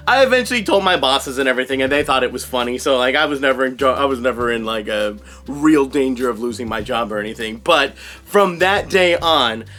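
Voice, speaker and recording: A man recounts a funny story straight to camera in a vlog, laughing often as he goes. His voice is bright and clear, and it swings widely up and down in pitch. Soft music plays faintly under his talk. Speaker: voice impressionist and vlogger.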